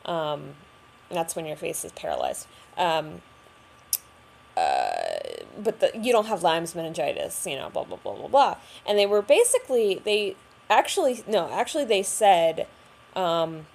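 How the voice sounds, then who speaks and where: A woman's voice: lowish voice, huge pitch swings, a little slow, creaky, a little mellow. Chatty young woman telling her story. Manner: chatty and candid, many fillers. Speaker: vlogger. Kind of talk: personal storytelling to camera.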